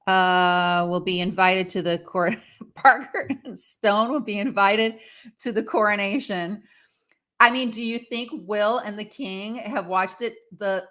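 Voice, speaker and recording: A woman's voice: lowish voice, a bit bright. A woman hosting her own show, giving casual, opinionated commentary on celebrity news with lots of fillers and asides. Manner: chatty and opinionated, with many fillers. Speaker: host.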